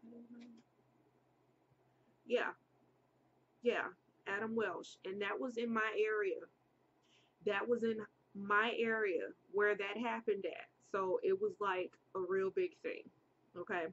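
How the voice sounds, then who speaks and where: A woman's voice: mid-range voice, fairly even intonation, slow pace, pauses often, fairly bright tone, breathy edge, lo-fi sound. A woman casually telling a personal story to viewers, chatty, repeating herself and speaking straight to her audience.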